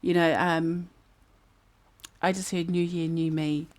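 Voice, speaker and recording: A woman's voice: lowish voice, little pitch movement, slow, a little mellow. Chatty New woman reading tarot. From New Zealand. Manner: chatty, musing aloud, breaks into snatches of song. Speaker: tarot card reader. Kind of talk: casual tarot reading to camera. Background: fan humming in the background.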